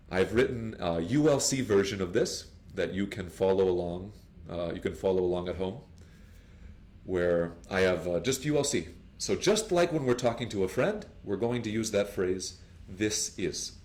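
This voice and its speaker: Male English teacher, low voice, lively explainer who plays both sides of sample dialogues. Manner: animated, acts out phone dialogues with higher put-on voices. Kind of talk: lively classroom explanation with acted example dialogues.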